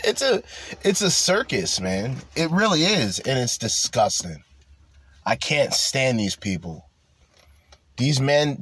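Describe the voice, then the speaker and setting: A man giving casual reaction commentary in an animated, laughing way, full of profane slang. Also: mid-range voice, slightly rough, no room sound.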